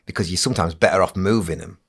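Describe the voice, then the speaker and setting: A man's voice: low voice, fast talker, husky. A middle-aged man, a ventriloquist, chatting casually in an interview with many restarts. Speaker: ventriloquist and entertainer, guest.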